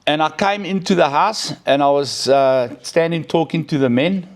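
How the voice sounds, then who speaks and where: Animated man telling a story. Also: a little high, normal speed. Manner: animated, peppers speech with "right?". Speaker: recovering addict sharing his story. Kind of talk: casual storytelling.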